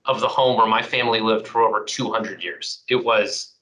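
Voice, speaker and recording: Sharp, bright-voiced man hosting a podcast. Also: fairly low pitch, normal speed, low-quality recording. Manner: lively storyteller who acts out the people he quotes. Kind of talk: casual conversation.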